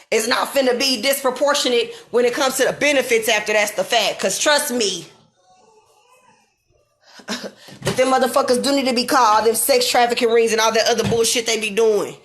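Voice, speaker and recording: A woman in her thirties ranting at home, with a high, bright, edgy voice. She is heated, profane and emphatic, and at times close to tears. A faint hiss sits under the recording. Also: moderate pace. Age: 30s. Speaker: vlogger. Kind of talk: unscripted rant to camera. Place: home kitchen.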